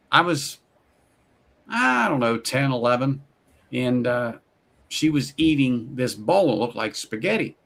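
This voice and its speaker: Middle-aged male host, casual storyteller, mid pitch, animated quotes. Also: creaky. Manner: storytelling, animated quoted voices, laughs often. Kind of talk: casual chat.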